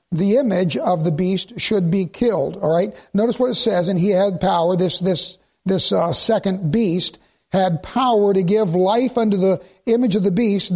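A man's voice: high voice, vocal fry, darkish tone. A man preaching a sermon as pastor, talking straight to his congregation and voicing their questions, often restarting words with many fillers. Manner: halting, with frequent restarts and fillers; talks directly to the congregation, posing their questions. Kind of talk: sermon, expository Bible teaching.

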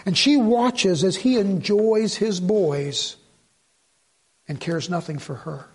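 A middle-aged man, a pastor, preaching a conversational sermon and quoting people in quick asides. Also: sits high, breathy edge.

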